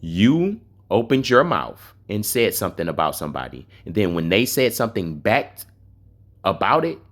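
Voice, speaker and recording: A man's voice: fairly low pitch, big pitch swings, moderate pace. Guy streaming a game and going off on a rival, mocking, swearing a lot, keeps repeating himself. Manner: mocking, profane, repeats points for emphasis. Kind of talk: heated rant over game messages.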